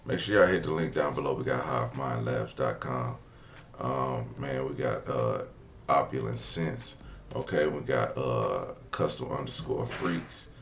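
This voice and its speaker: A man hosting his channel, giving shout-outs and sponsor plugs in a hyped, slangy, loose way. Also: rumbling low, measured pace, gravelly, a little hiss or hum. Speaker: channel host.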